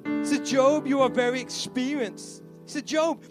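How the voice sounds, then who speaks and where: A man preaches a sermon in a strikingly high voice, with guitar and band music playing beneath him. His delivery swings from hushed, near-whispered pleading to loud, soaring proclamation. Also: moderate pace. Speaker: pastor. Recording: live church sermon with band playing behind.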